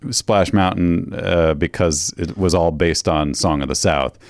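Deep-voiced easygoing male co-host. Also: fairly even intonation, measured pace, vocal fry, no echo, studio quality. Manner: easygoing, chuckling. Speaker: podcast co-host. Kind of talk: casual chat.

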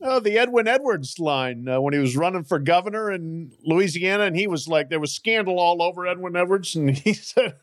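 A man in casual chat, jumping in with quick, laughing comments. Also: sits high, expressive, no room sound, studio quality.

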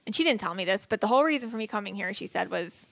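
A woman co-hosting a podcast as a psychic, chatting casually and telling stories in an animated way with frequent laughter. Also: mid-range voice, racing, vocal fry, no room sound. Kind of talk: casual chat and storytelling.

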